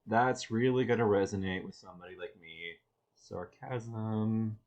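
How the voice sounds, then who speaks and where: A man with a fairly low voice comments on a clip as the host of a reaction video. He sounds sarcastic and exasperated, often restarting his sentences. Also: brisk, a little mellow, highs cut off.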